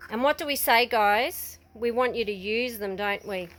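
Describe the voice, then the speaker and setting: A woman's voice: a little high, moderate pace, a bit bright, a little hiss or hum. A woman teaching a casual ceramics workshop, patiently explaining each step while guiding children as they paint. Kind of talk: casual hands-on demonstration.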